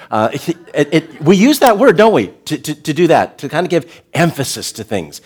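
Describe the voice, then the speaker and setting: A man preaching a sermon as a pastor, earnest and direct with the congregation, slowing down to stress key words. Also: medium pitch, huge pitch swings. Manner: talks directly to the congregation with asides.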